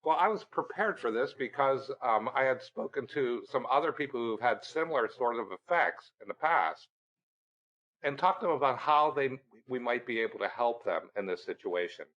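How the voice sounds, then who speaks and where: A middle-aged man and guest on a podcast, telling a story in a lively way and acting out the dialogue. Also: mid-range voice, normal speed, muffled recording. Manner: animated storyteller, acting out quoted dialogue with laughs. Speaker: research center director, guest.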